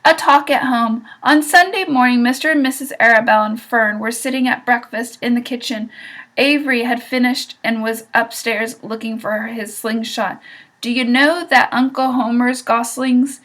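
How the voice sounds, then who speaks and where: Female storybook reader, higher voice, animated character reading. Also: normal speed, poor audio. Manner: expressive, lively voices for characters. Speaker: reader of a children's book. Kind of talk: storybook read-aloud.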